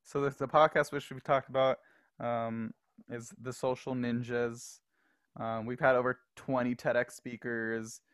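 Male podcast guest, animated storyteller, laughs often, dry close sound. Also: medium pitch, measured pace, dry recording. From Los Angeles. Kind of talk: casual storytelling.

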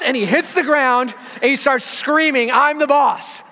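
A man in his thirties preaching a sermon as a pastor, telling an animated story before turning earnest. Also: extremely high pitch, moderate pace. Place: church auditorium. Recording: large hall with long reverb, faint music.

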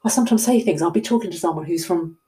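A woman's voice: fairly low pitch, racing, dark tone. A middle-aged woman with a southern English accent, a coach chatting casually to her viewers in a rambling, self-deprecating way. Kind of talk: casual talk to camera.

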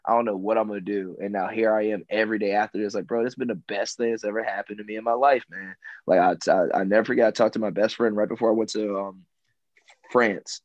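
Laid-back low-voiced man, dull sound. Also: fairly even intonation, fast talker, no echo. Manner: laid-back, keeps saying man and bro, repeats himself. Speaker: guest. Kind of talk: casual conversation.

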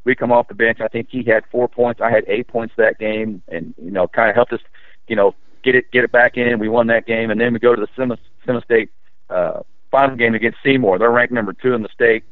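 A man recalling his high school basketball days in a rambling, casual way, full of restarts and fillers. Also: fairly even intonation, fast, no echo. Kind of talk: storytelling in a casual interview. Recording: dry, tinny phone-line sound.

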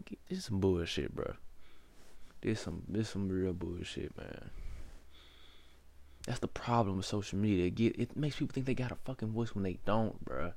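A man with a lowish voice rants bluntly through his own podcast monologue, cursing freely as he lectures the listener. The sound is close and dry, with no room around it. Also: darkish tone, no room sound. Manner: blunt, profane ranting. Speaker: podcast host. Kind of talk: opinion monologue.

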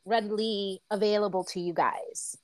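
A woman's voice: medium pitch, fairly even intonation, moderate pace, no echo, low-quality recording. A young woman with a Bronx accent, co-hosting a casual podcast from her home office, teasing and telling stories with mimicked voices. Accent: Bronx New York. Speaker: podcast co-host. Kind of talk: casual chat.

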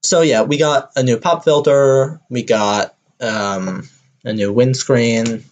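A woman's voice: very deep voice, takes it slowly, darkish tone, muffled recording. A young woman hosting a casual podcast from her bedroom on a stand mic with a pop filter, rambling and self-deprecating. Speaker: podcast host. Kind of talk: casual chat. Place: her bedroom, home setup. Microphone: stand-mounted mic with pop filter.

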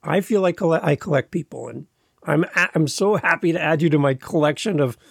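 Gravelly-voiced male podcast host. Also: fairly high pitch, a little fast, no room sound, clean studio sound. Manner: friendly, rambling, self-deprecating humor. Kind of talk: casual podcast chat.

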